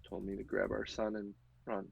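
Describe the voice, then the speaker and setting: A man's voice: fairly low pitch, monotone, gravelly, highs cut off. A man voicing a frightened, grieving woman in her mid-forties who stammers and halts as she speaks. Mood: shaken. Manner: stammering, halting.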